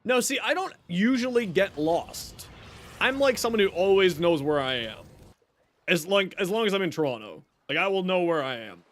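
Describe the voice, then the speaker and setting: A man's voice: sits high, expressive, normal speed, a bit bright. A male streamer giving casual gameplay commentary, a chatty storyteller who laughs often, talking into a desk mic.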